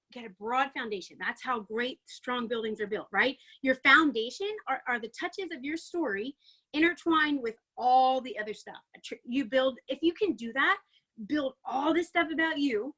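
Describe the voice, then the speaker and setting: A woman coaching her sales team in a chatty, excitable motivational talk, a little out of breath, peppering it with "like" and "right?". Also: high-pitched, moderate pace. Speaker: network marketing team coach. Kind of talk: energetic motivational training talk.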